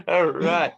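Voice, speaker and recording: A man's voice: a little high, creaky, husky. A young man, hosting a casual, easygoing interview chat. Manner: easygoing, relaxed, laid-back. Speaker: host.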